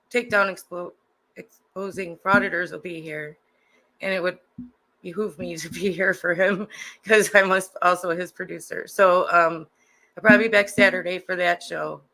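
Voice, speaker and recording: A woman's voice: lowish voice, bright, forceful tone, rough recording. A woman with a Chicago accent co-hosting a livestream, chatting casually and hesitantly with many ums. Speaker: co-host. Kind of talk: casual chat.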